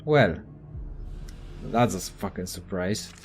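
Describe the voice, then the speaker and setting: A man's voice: sits low, animated, slow pace, over loud music. Casual young man, swearing gamer. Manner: profane, offhand, thinking aloud. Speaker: let's play gamer. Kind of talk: casual gameplay commentary, reading game text aloud.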